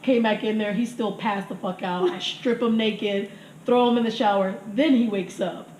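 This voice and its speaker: A podcast guest, a woman in her thirties with a medium-pitched voice and moderate pace, tells crude stories in casual conversation. She laughs often and acts out what people said with animated quotes. The room is echoey, with faint noise.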